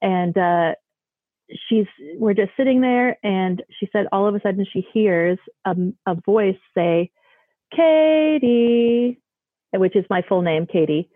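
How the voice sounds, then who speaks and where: A woman's voice: medium pitch, moderate pace, no echo. A woman telling a personal story casually, rambling loosely with many fillers like "like" and "um". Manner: chatty, loose, lots of "like" and "um". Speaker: guest telling ghost stories. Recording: dry, tinny phone-like line.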